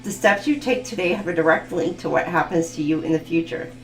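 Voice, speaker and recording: A woman's voice: lowish voice, fast. A woman giving a live tarot reading, laughing often and swearing bluntly. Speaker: tarot reader. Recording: echoey room with faint music.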